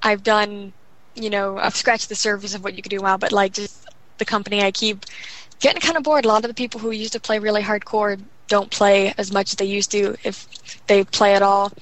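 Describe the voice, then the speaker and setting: Young woman gushing about games, rambly and quick, tons of um and like. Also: medium pitch, flat delivery, fairly bright tone, a little hiss or hum, low-quality recording. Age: young adult. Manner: rapid, rambling, full of fillers. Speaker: guest gamer. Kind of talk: casual chat.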